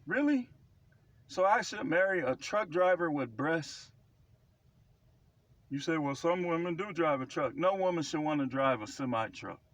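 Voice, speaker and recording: A man's voice: on the high side, fairly bright tone. A man speaking as a self-described prophet, preaching life advice in a blunt, emphatic way and repeating phrases for stress. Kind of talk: casual preaching monologue to camera.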